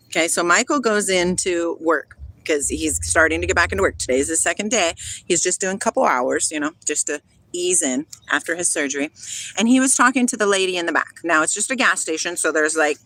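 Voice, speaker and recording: A woman's voice: lowish voice, bright, forceful tone, poor audio. A woman hosting a casual livestream outdoors by a river on her phone, playful and dreamy, chatting about spiritual ideas and reading out viewer comments. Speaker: livestream host.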